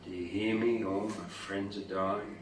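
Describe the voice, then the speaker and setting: Man reading a mournful young sea turtle: slow, low, pleading, from a far mic in a roomy space. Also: steady tone, a bit bright. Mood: sorrowful. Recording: roomy distant mic, faint noise.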